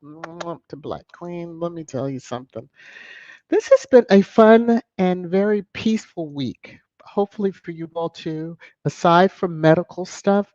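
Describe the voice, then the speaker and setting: A live-stream host chatting casually while reading viewer comments, greeting people in bursts of high, excited energy. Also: dry recording, muffled recording.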